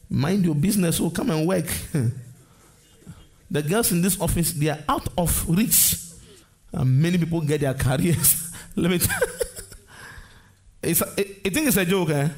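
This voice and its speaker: A man's voice: fairly high pitch, very animated, a little slow, long pauses, a little mellow. A middle-aged man preaching a sermon as pastor, building his points through swelling, repeated declarations.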